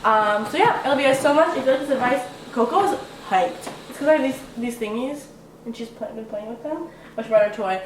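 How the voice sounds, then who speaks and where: Brief: young woman vlogger, quick and rambling, high voice, mic at a distance with faint ambience. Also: slight background noise. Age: young adult. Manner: rambling, full of "like", swears freely. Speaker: vlogger giving relationship advice. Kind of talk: casual advice vlog. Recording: echoey room, away from the mic, faint ambience.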